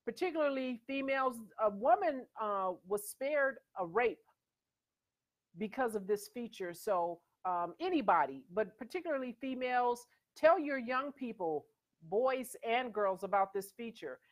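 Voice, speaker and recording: A middle-aged American woman hosting her own talk show. She speaks in a casual, emphatic way, slipping into quoted voices as she tells stories. Her pitch sits in an ordinary middle range. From USA. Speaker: host. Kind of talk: casual commentary.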